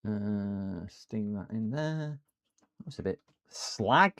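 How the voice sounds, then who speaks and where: A man's voice: on the low side, expressive, takes it slowly, creaky, dry recording. A man chatting through a live computer repair stream from his workshop. He rambles and talks to his viewers as he works. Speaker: repair channel host.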